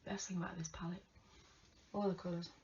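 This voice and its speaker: A woman chatting casually to viewers during a makeup tutorial, often dropping to soft murmurs. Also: lowish voice, little pitch movement, a little fast. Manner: chatty, talks to viewers while applying makeup, drops to murmurs. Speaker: makeup vlogger. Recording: distant lo-fi home recording with faint hiss.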